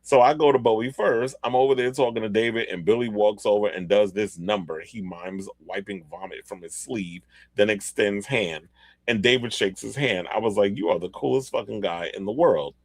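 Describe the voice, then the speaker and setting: A man's voice: on the low side, moderate pace, no echo. A man hosting a podcast, chatting casually and reading article excerpts aloud with asides along the way. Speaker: podcast host. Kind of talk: casual pop-culture commentary.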